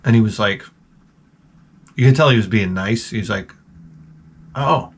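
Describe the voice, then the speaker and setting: A man's voice: fairly low pitch, moderate pace, slightly rough. A man hosting his channel, talking in a rambling comedic monologue and swearing constantly. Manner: rambling, jumps between jokes. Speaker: host of a retro gaming channel.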